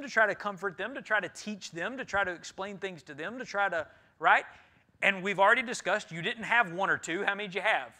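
A man with a Texan accent preaching to his congregation in a church sanctuary, lively and playful as he teases and addresses people directly. His voice sits high for a man and has a bright, forceful edge. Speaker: pastor. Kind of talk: conversational sermon.

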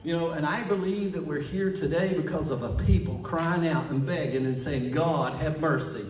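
A man's voice: a little high, normal speed, darkish tone, recorded from a distance. Fervent preacher man in an echoey church. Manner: fervent call-and-response preaching. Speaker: pastor. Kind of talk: sermon. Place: church sanctuary.

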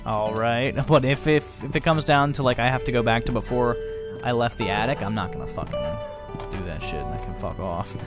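A young man casually commenting on a horror game he is playing, profane and prone to loud startled outbursts. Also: mid-range voice, brisk, music in the background. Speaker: gaming channel host. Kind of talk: let's play commentary.

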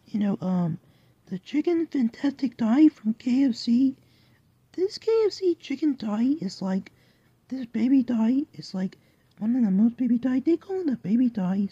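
A woman's voice: high-pitched, dark tone, no room sound. A woman voicing a goofy rambling cartoon cat. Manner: rambling, jumpy, silly. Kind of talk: cartoon voice acting. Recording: dull lo-fi recording.

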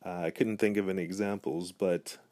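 Male tutor for an alphabet lesson: low-pitched, unhurried, repeats every example, dry recording. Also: fairly even intonation, a little mellow, no room sound. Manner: slow, careful, repeats each word twice. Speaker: language teacher.

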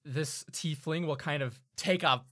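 A man narrating as game master of a tabletop game, easygoing and quick to laugh. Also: a little high, a bit bright, a little hiss or hum.

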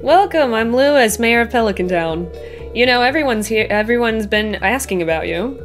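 Folksy older mayor from a farming game, read by a woman, friendly, higher-pitched read. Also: lively intonation, normal speed, soft background music, close to an everyday voice. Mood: welcoming. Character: genial older male small-town mayor.

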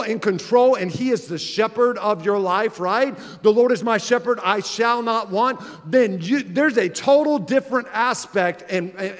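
A man's voice: high-pitched, in a large hall. A man in his thirties preaching, telling stories in a conversational way and building to emphatic exhortation. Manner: earnest, conversational storytelling that rises to emphatic exhortation. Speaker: pastor. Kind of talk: sermon.

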